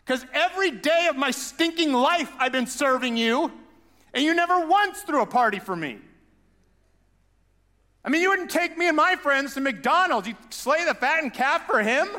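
A man's voice: very high-pitched, pushed and bright, big-room sound, pitched above the performer's own voice. A man voicing a sulky, self-righteous older brother who complains indignantly.

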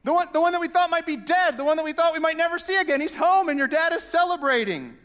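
An eager household servant voiced by a man rushes out his news in a high, bright voice. The sound carries a long hall echo. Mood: excited.

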